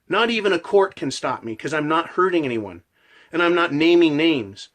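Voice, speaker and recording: A man's voice: a little high, very animated, moderate pace. A man delivering a passionate, profane ranting monologue as a channel host.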